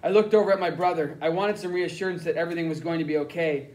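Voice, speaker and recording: A man reading a first-person novel aloud as an audiobook narrator, with plain, steady storytelling. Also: fairly high pitch, fast talker, distant mic, rough recording.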